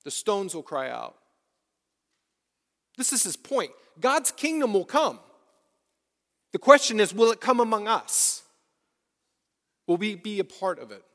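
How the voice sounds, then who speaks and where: A man's voice: high-pitched, very animated, measured pace, pauses often, a bit bright. A man preaching a sermon as pastor of his church, repeating lines and asking the congregation questions. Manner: preaching with rhetorical questions and repetition. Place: church sanctuary. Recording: long reverb of a church hall.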